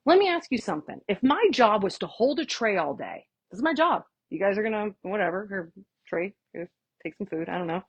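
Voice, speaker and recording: Sassy woman chiropractor, blunt and chatty, slightly breathy tone, close dry recording. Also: medium pitch, very animated, fairly quick, no echo. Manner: casual, chatty with audience. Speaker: chiropractor giving a workshop. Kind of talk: live workshop lecture.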